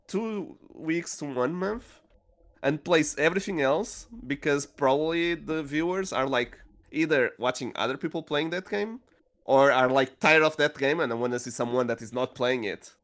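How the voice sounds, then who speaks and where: A man's voice: fairly high pitch, normal speed, a bit bright. A man in a casual podcast chat, patiently explaining streaming tips with lots of fillers. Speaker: streamer giving advice.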